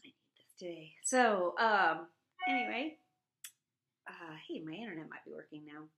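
A middle-aged woman chatting casually at home, animated, jumping into a high voice when she quotes people. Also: normal speed, echoey room, noisy background. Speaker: vlogger. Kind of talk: casual chat.

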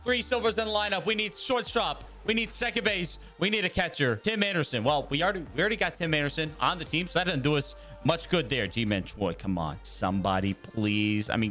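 Excitable male gaming commentator, slightly high voice with big pitch swings, talks straight to viewers over soft music. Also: normal speed. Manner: excitable, reacts loudly to pack pulls and plays. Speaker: gaming YouTuber. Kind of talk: gameplay commentary with voice-over narration.

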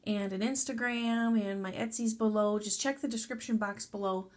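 A woman casually talking viewers through a drawing tutorial, chatty and softly spoken, with rambling asides. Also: on the high side, fairly even intonation, normal speed. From Mexican background.

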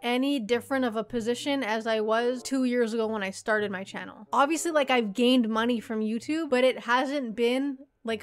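A woman's voice: a little high, a bit bright. A Canadian woman in her twenties, a YouTuber bluntly answering viewer questions with lots of swearing and jokes. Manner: blunt, profane and joking.

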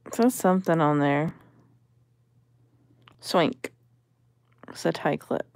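Woman vlogger, low-pitched and unhurried, appraising thrift jewelry aloud; dry close recording. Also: creaky, a little mellow, no room sound. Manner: slow, musing, appraising each piece aloud. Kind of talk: casual commentary while sorting jewelry.

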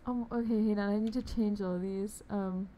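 A woman's voice: mid-range voice, steady tone, normal speed, dark tone, dull audio, slight background noise. A young woman streaming a game live, chatting casually and bubbly with her viewers, laughing often. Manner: bubbly, giggly, talks to chat.

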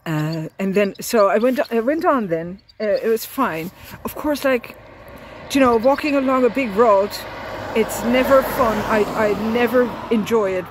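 A woman's voice: a little high, a little slow, a little hiss or hum. An Irish woman telling a casual video diary while walking by a road, rambling with many fillers and restarts, a little tearful. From Ireland. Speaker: pilgrim vlogger.

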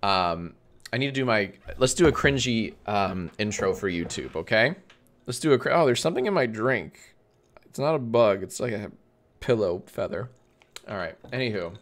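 A man's voice: on the low side, expressive, moderate pace. A man hosting a casual livestream, talking in a sarcastic, joking way with plenty of swearing into a desk mic. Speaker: livestream host.

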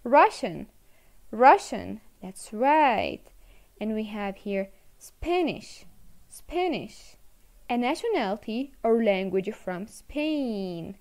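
A woman's voice: fairly high pitch, lively intonation, slow, darkish tone. A woman teaching an English video lesson to children, encouraging, repeating words and switching into to explain.

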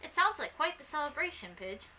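A woman's voice: sits high, sing-song, a little fast, bright, forceful tone, far from the mic, full character voice. Easygoing street-smart dog, wry, voiced by a woman; faint hiss, slightly off-mic. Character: streetwise male mutt, easygoing.

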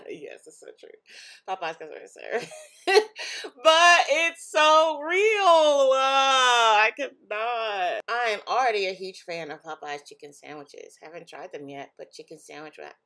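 A young woman vlogger casually reacting to online posts, talking in an animated way and often breaking into laughs and exclamations. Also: low-pitched, moderate pace, vocal fry.

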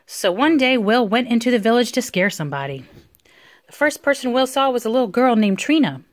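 A woman reading a picture book aloud to a young child at home, with expressive storytelling. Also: fairly high pitch, a little fast. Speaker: reader.

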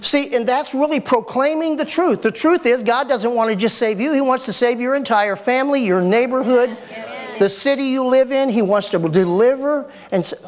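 A middle-aged man preaching a sermon as pastor, folksy and animated with joking asides. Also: very high-pitched, moderate pace.

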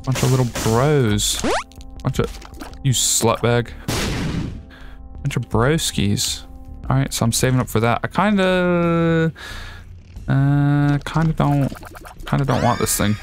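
A man giving profane, excitable commentary as he plays a video game, shouting at enemies. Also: medium pitch, slow, long pauses. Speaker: gaming streamer. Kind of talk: let's play commentary. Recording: game music behind.

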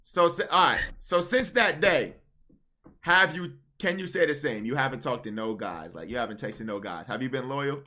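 Bright-voiced young man, teasing streamer host. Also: mid-range voice, normal speed. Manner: animated, teasing, keeps interrupting with repeated words. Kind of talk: casual livestream matchmaking chat.

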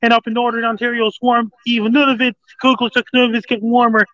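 A man with a very high, bright voice runs through a weather report in a flat, unvaried tone. He stumbles and repeats himself as he lists place after place. The sound is dry and dull, like a lo-fi line. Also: dry recording. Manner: halting, repetitive listing of places. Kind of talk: casual call-in weather report.

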